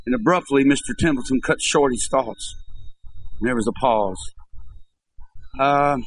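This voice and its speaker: A man preaching a sermon in church, telling a story and then building to impassioned, shouted appeals to the congregation. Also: mid-range voice, unhurried, rough recording.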